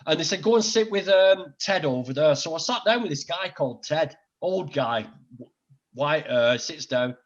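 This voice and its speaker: Middle-aged Northern English man, podcast guest, high-ish voice, dull lo-fi sound, blunt storyteller. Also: normal speed. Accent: Northern English, Greater Manchester. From Northern England. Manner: blunt, sweary, animated anecdotes. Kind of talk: casual chat, storytelling.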